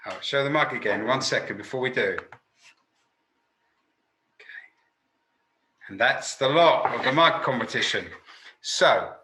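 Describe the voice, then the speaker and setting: A man's voice: medium pitch, measured pace, pauses often, sharp tone, echoey room, slight background noise, low-quality recording. A man who works as a sales trainer, hosting a webinar in a chatty, jokey, self-deprecating way. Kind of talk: casual webinar talk.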